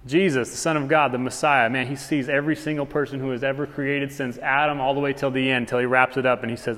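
A man preaching a sermon as pastor, reading scripture aloud and speaking with animated, rising intensity. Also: mid-range voice, fast talker, hardly any pauses. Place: church sanctuary. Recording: long hall reverb.

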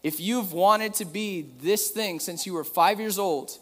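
A man with a slightly higher voice preaches a relaxed, chatty sermon and drops in joking asides. His voice rings out with a long reverb tail, as if he were in a large hall. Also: a little slow. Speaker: pastor.

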